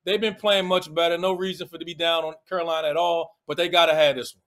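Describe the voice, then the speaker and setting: A man's voice: on the high side, level tone, fast, fairly bright tone. A man with a Washington DC accent, co-hosting a casual sports talk show and ribbing his co-hosts playfully. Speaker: podcast co-host.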